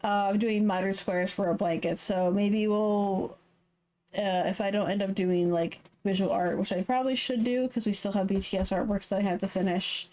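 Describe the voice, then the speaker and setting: A woman's voice: mid-range voice, steady tone, moderate pace, mellow. A woman from the Southern United States streaming live, chatting casually in a meandering way with many fillers. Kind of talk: casual chat.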